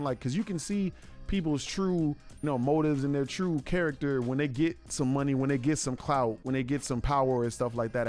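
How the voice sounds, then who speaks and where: A man giving earnest, reflective commentary on a podcast in casual slang. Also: a little high.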